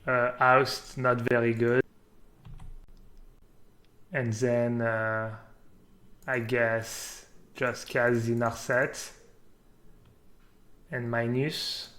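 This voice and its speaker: A young man whose first language is French, casually commenting on his own card game as he streams, thinking aloud with many pauses and fillers. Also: medium pitch, level tone, a bit bright.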